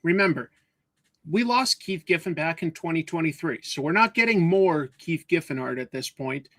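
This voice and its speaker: A man's voice: a little high, expressive, normal speed, bright, forceful tone, no echo. A man hosting a casual comics live stream, giving appreciative commentary on his guests' art. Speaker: host.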